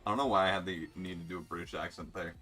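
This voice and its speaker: A man's voice: sits low, fairly even intonation, rapid-fire, sharp tone, soft background music. A young man live-streaming a racing game, chatting bluntly and sarcastically with viewers and swearing freely. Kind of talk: casual live-stream chat while gaming.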